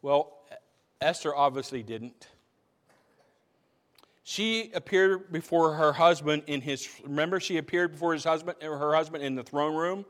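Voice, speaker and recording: In a church sanctuary with long hall reverb, a male pastor with a slightly high, somewhat bright voice preaches unhurriedly. His tone is conversational; he restarts phrases and puts questions to the congregation.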